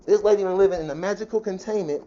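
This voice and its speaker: A woman venting in a heated, profane personal rant, talking fast and indignantly about how she has been treated. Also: medium pitch, warm tone, a little hiss or hum. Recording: dull lo-fi sound.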